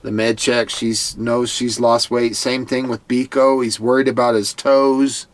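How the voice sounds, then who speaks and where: A man's voice: mid-range voice, level tone, measured pace. Earnest man recapping a TV episode. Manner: earnest, heartfelt, stammers on repeated words. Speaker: TV show commentator. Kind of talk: casual recap commentary.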